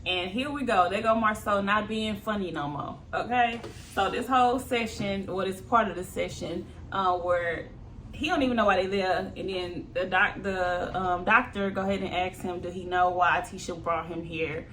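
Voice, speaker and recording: A woman's voice: medium pitch, moderate pace, a little hiss or hum. A woman giving a casual, gossipy recap of a reality show, laughing often and acting out what people said. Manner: laughs often, gossipy and animated, acts out quotes.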